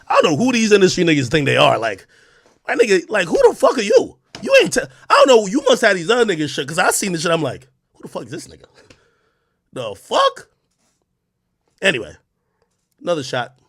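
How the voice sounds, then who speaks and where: Animated man ranting with mocking scorn. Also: high voice, a little fast, breathy edge, dry recording, studio quality. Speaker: livestreamer. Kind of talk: heated stream rant.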